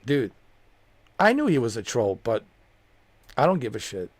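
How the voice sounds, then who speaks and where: A man in his home stream confronts a viewer in a heated, profane, repetitive rant, speaking close to his desk mic. His medium-pitched voice swings widely in pitch, runs a little slow, and has no echo.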